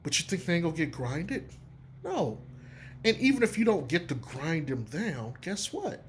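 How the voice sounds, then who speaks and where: A man giving casual basketball opinions in an emphatic, profane, animated way. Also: fairly high pitch, moderate pace, slight background noise. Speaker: sports commentator. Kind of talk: casual sports opinion talk.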